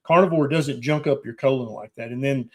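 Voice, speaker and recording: A man hosts a live stream as a doctor. He reads viewer questions aloud and answers them plainly and directly. His voice sits at a medium pitch, and he keeps an easygoing, conversational tone. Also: a little fast, darkish tone. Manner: plain-spoken, direct, reassuring advice. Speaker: doctor hosting a live Q&A show.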